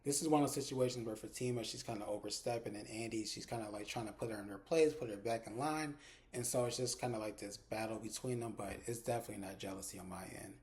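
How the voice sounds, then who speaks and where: A man's voice: on the low side, fast talker, a little mellow. Man casually recapping a TV episode. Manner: chatty retelling, many "like" fillers. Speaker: TV episode reviewer.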